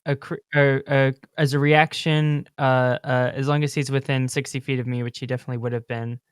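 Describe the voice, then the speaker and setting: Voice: mid-range voice, little pitch movement, a little fast, smooth, dry recording, clean studio sound. A player in a tabletop game who giggles often and stumbles over words. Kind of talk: casual tabletop game play.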